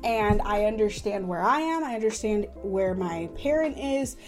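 A woman's voice: medium pitch, expressive, normal speed, faint music behind. A woman in her thirties hosting a parenting podcast, talking casually and often checking in with "right?". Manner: conversational, says "right?" often, warm-toned explanations. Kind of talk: casual advice talk.

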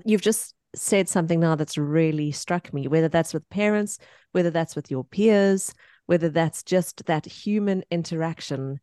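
Woman, low voice, podcast interviewer, affirming, asks open questions. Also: moderate pace, warm tone, no room sound.

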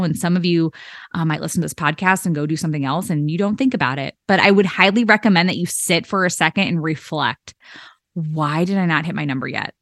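A woman's voice: fairly low pitch, dry recording, studio quality. A woman in her thirties hosting a solo business-coaching podcast, chatty and encouraging, with frequent laughs and fillers like "okay". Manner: chatty and animated, laughs often, fillers like okay and all right. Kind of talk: solo podcast pep talk.

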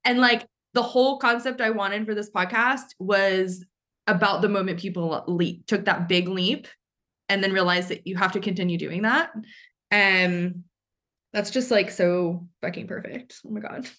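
A young adult woman hosting a podcast in casual chat, gushing and excitable, swearing casually as she talks. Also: medium pitch, normal speed. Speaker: podcast host.

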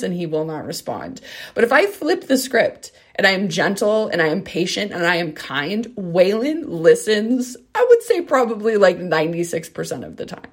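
A woman's voice: fairly low pitch, lively intonation, moderate pace. Earnest conversational woman podcaster. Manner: earnest, conversational, asks listeners "right?" and "okay?". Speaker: podcast host and dog trainer. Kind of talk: solo podcast monologue.

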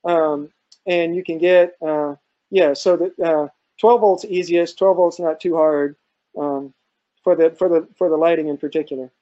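A man from central Virginia, a guest speaker on off-grid farming, answers questions in a live online talk. His fairly high, warm voice is steady and unhurried, with the highs cut off, and he comes across as thoughtful and hesitant, using many fillers and restarts.

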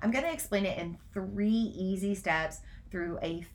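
A woman hosting a casual live stream, talking fast in run-on sentences, then gently guiding a breathwork practice. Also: mid-range voice. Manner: gentle instructive guidance in breathwork. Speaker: spiritual coach and podcast host.

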